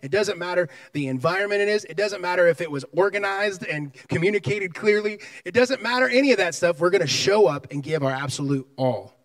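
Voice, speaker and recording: A man preaching a sermon, telling a personal story in an animated way and acting out its scenes. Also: high-pitched, a little fast, hardly any pauses, dry recording, distant mic. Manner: animated, acts out scenes and voices in his story.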